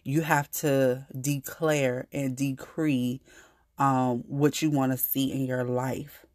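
A woman hosts her own faith-centered podcast, speaking in a low, unhurried voice. She talks earnestly and casually to her listeners, turning emphatic when she declares what she believes. The recording is dry, with no room sound. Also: little pitch movement, a little mellow, dry recording. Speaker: podcast host.

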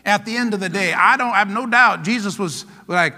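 A man pastor preaching a sermon, animated and playful, acting out little scenes and laughing along. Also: high-pitched, brisk, hardly any pauses, long reverb tail.

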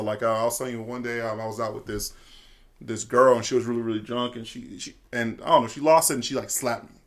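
A man's voice: mid-range voice, fairly bright tone. A young man in casual chat, telling stories loosely with lots of fillers and restarts. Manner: loose storytelling, lots of fillers and self-interruptions.

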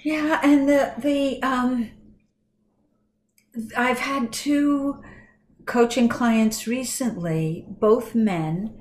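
A woman voice and communication coach talking casually on a podcast, telling animated stories about her clients. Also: fairly high pitch, extremely slow, pauses often.

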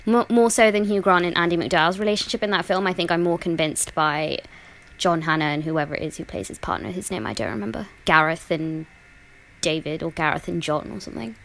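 A woman speaking as a podcast guest in a thoughtful, measured way. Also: on the low side, creaky, fairly bright tone. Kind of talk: casual chat.

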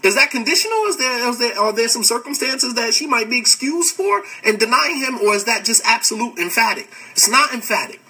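A man, hosting a podcast and giving a casual religious lecture, animated and laughing often as he answers comments. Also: extremely high pitch, slightly rough, distant mic, poor audio.

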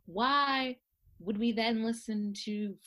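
A woman's voice: on the high side, fairly bright tone. A woman playing a haughty grand dame actress. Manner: slow, stately, haughty speech. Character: grand, self-regarding older actress, a sitcom mother. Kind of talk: comedic impression.

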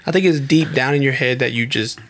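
A young man co-hosting a podcast, talking in a quick, slangy way in casual chat. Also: mid-range voice, a loud crowd. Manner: quick, slangy, says bro a lot. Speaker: podcast co-host.

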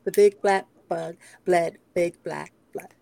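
A woman's voice: fairly low pitch, fairly even intonation, slow pace, vocal fry, warm tone, a little hiss or hum. A woman on a podcast, playfully joining in a vocal exercise. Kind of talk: casual chat.

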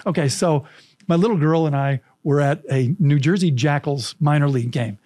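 Man, middle-aged, podcast guest, animated storyteller, slightly high voice, acts out quotes. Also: moderate pace. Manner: lively, acts out quotes, laughs often.

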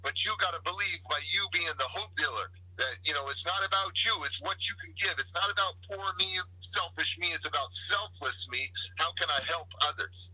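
A man's voice: a little high, fairly quick, few pauses, bright, forceful tone, husky, no echo, rough recording. A man giving a motivational talk as a podcast guest, preaching in rhythmic slogans and wordplay. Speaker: guest speaker.

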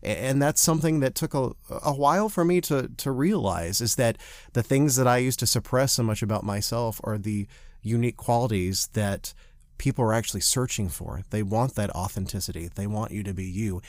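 A man from the Southern United States co-hosting a podcast, an actor telling animated, self-deprecating stories and giving advice. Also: lowish voice, moderate pace, no room sound, clean studio sound. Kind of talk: casual chat with advice.

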